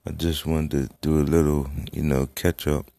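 A man's voice: very deep voice, flat delivery, moderate pace, gravelly, warm tone, dry recording. A man hosting his own podcast, talking in a loose, rambling, profane way with lots of fillers. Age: adult, has a daughter. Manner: rambling, profane, laid-back. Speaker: podcast host. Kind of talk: casual solo podcast talk.

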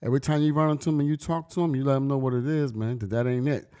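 A middle-aged man talks straight to his audience in a loose, slang-heavy monologue. His voice sits at an ordinary middle pitch. He pushes his points hard and slides into preaching as he tells stories. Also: steady tone, very fast, dark tone, clear, resonant tone. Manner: emphatic, slangy, preachy storytelling. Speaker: vlogger and brand owner. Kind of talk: casual street-talk monologue.

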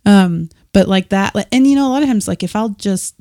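A woman's voice: medium pitch, a little fast, few pauses, no echo, studio quality. A woman in her thirties, a podcast guest chatting casually about faith, telling stories animatedly and acting out what people said. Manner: animated storyteller, acts out quoted dialogue; restarts and filler words.

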